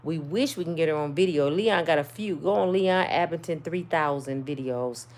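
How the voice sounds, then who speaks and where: A middle-aged woman, telling viewers a personal story in a casual, sassy, animated way. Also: sits low, normal speed. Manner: animated, sassy, swings between loud and soft. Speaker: channel host.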